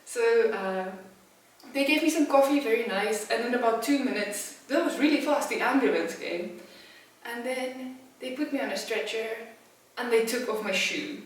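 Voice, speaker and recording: A woman telling a comedic personal anecdote as a storyteller, animated and self-mocking, with big swings in pitch and loudness. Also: moderate pace. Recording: very echoey room, from a distance.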